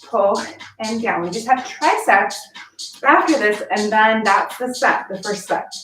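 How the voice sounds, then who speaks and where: A woman's voice: mid-range voice, animated, unhurried, fairly bright tone, distant mic, a little hiss or hum. A woman fitness instructor leading a home workout, upbeat and encouraging, counting reps while slightly out of breath. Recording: echoey room, voice from off-mic. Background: background music.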